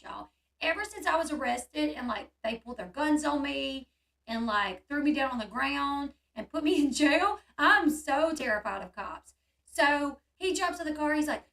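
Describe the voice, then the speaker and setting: A woman's voice: high voice, distant mic. A woman hosting a casual chat, animatedly telling a story and acting out the voices of the people in it. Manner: animated, acts out quoted voices. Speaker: channel host.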